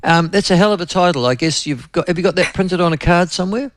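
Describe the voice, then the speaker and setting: A man's voice: high-pitched, fast, dry recording. A man with a New Zealand accent hosting a radio talk show, chatting in a rambling, anecdotal way and often turning to his co-host.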